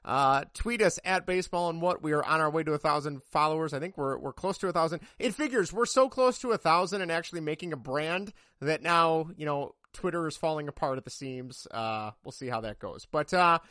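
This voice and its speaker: Joking podcast host, slightly high voice. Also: male voice, sharp tone, no room sound, studio quality. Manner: joking, rambling, laughs often. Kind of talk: casual sports podcast chat.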